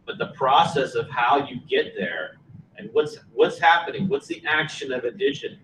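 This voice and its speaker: A man presenting at a planning meeting, calmly explaining a teaching approach. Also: mid-range voice, a little hiss or hum. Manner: explanatory, measured. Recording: distant mic in echoey room.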